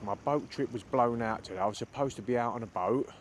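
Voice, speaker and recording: A man's voice: mid-range voice, fast talker. A man chatting casually to viewers as he talks them through his fishing, outdoors on an open beach at night. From United Kingdom. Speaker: angler vlogger. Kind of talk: casual chat to camera. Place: open beach at night in strong cold wind. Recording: heavy wind noise on the mic.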